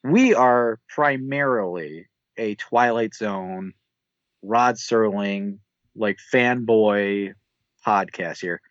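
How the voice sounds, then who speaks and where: A man's voice: fairly low pitch, no echo, lo-fi sound. A man co-hosting a film podcast, chatting casually and loosely with a lot of filler words. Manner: loose and conversational, frequent "like" fillers. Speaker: podcast co-host.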